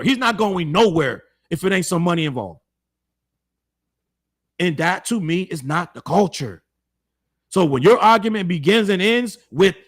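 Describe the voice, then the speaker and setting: A man's voice: sits high, fairly bright tone. A man hosting a commentary show, giving blunt, heated opinions in slangy speech and repeating his points for emphasis. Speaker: show host.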